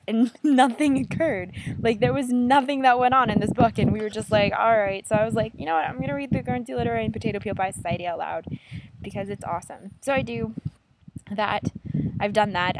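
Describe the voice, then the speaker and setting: A woman's voice: a little high, background noise. A woman in her twenties talking casually to camera in a vlog, chatty and enthusiastic, often laughing. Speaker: book vlogger.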